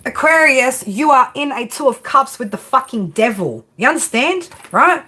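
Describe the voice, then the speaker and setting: A woman reads tarot in a blunt, exasperated monologue full of swearing. She keeps tagging her points with "right?". Her voice sits a bit high, and clear background noise runs under it. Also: expressive, normal speed, few pauses, bright, forceful tone. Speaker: tarot reader. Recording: noisy background.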